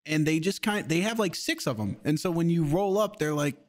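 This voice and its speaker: Casual rambling young man, slightly high voice. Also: a little fast. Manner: rambling storyteller, animated voices for quotes. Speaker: podcast co-host. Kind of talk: casual podcast chat.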